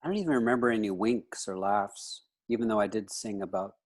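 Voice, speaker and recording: Low-voiced rambling man. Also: brisk. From United States. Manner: rambling, with frequent "you know" fillers. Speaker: guest. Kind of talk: casual interview chat.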